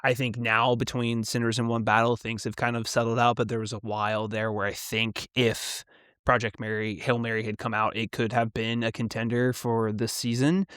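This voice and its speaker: Male co-host, smooth resonant voice, measured and articulate, dry sound. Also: mid-range voice, flat delivery, a bit bright, no echo. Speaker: podcast co-host. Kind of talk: casual chat.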